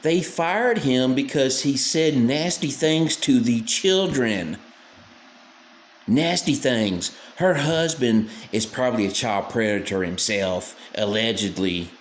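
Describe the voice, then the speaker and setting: A man's voice: medium pitch, takes it slowly, echoey room, a little hiss or hum. A man giving crude, scornful reaction commentary in a ranting manner.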